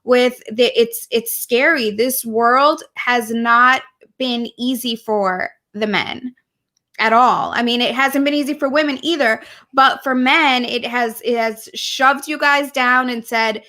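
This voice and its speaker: Bright, gushing woman co-hosting a podcast. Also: fairly high pitch, slow pace. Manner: warm, gushing, laughs often. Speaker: podcast co-host. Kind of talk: casual heartfelt chat.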